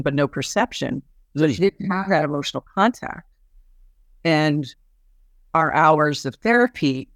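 A woman's voice: low voice, no echo. A woman physician and therapist speaks in a podcast conversation, talking through a patient case. She often trails off and restarts mid-sentence. Her voice is close and dry, with no room sound.

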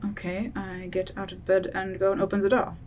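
A woman taking part in a tabletop game, describing her actions and asking questions in plain speech. Her voice sits at a middle pitch. She checks details with the game master before she acts. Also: completely flat delivery, a little fast, a little mellow, a little hiss or hum. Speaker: player.

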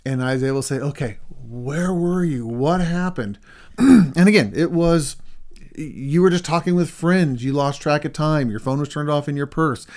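A middle-aged man, a counselor, telling a story in a casual conversation with his wife, animated when he reenacts things. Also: on the high side, moderate pace.

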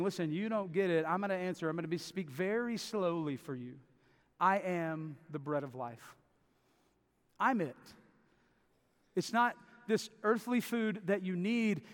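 Guy preaching, pretty high voice, big echoey hall, keeps repeating stuff for emphasis. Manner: emphatic, repeats phrases for stress. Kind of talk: sermon. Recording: long reverb of a large hall.

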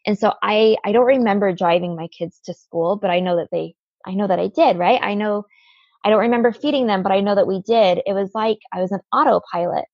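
A woman's voice: medium pitch, a little fast, dry recording, muffled recording. A woman guest telling a personal story in an interview, earnest, with lots of "like" fillers.

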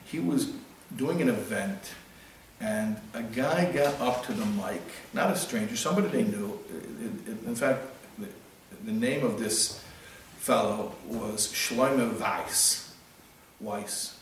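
A man's voice: lowish voice, slow pace. A man giving a storytelling sermon as a religious teacher. He talks earnestly, often repeats and restarts words, and mixes in Hebrew and Yiddish terms. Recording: very echoey room, distant mic, faint noise.

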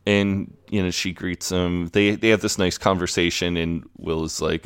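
A man's voice: flat delivery, moderate pace, hardly any pauses, clean tone, no echo. A man co-hosting a podcast, casually recapping a TV episode and acting out lines in a raised voice. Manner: casual, swears, acts out quotes in a higher voice. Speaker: podcast co-host.

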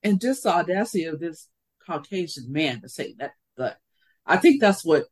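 Older woman telling a lively story. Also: fairly low pitch, normal speed, breathy edge, rough recording. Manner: animated storyteller, acts out quoted voices. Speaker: podcast co-host. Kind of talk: casual chat, storytelling.

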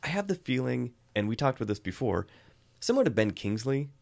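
A man's voice: mid-range voice, big pitch swings, fast, gravelly, darkish tone. A man co-hosting a film review podcast in casual chat, sarcastic and laughing often.

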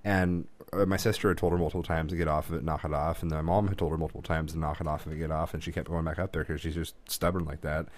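A man's voice: extremely low pitch, little pitch movement, fast, hardly any pauses. A man co-hosting a podcast, telling rambling family stories in casual chat with restarts and laughs. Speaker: podcast co-host.

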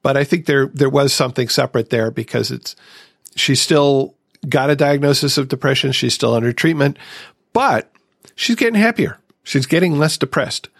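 A man hosts a recovery podcast, sharing his own experience in a reflective, casual way. His voice is gravelly and medium-pitched at a normal speed, recorded clean in a studio with no echo.

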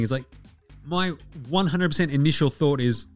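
A man's slightly high voice, at a moderate pace over faint background music, drives a casual sports podcast rant. As host he's blunt, profane, and full of opinions.

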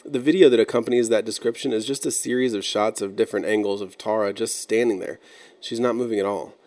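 A man narrating an internet-mystery video in a measured, explanatory and slightly wry way. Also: on the low side, steady tone, darkish tone. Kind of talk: scripted narration.

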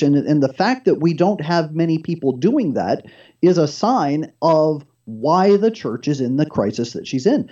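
Animated male guest on a dull line. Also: fairly high pitch, a little slow. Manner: animated storyteller who acts out the dialogue. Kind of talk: casual storytelling on a talk show.

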